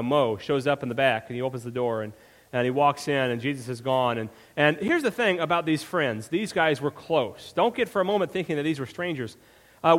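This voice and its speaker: A man preaching a sermon as pastor, telling stories in a conversational way and growing animated when he retells scenes. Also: mid-range voice. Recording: long hall reverb.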